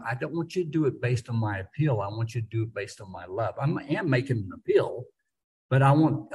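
A man's voice: medium pitch, a little mellow, breathy edge. A middle-aged man teaching a Bible study in a conversational way, often restarting his sentences and chuckling.

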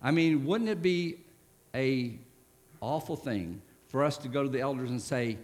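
Male preacher of middle pitch, giving a conversational sermon in church. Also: a little slow. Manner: conversational, with frequent restarts and asides.

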